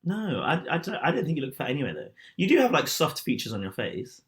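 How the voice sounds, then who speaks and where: A man's voice: a little high, wildly swooping pitch, fast. A man co-hosting a podcast, chatty and teasing, laughing often. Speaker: podcast co-host. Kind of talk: casual chat.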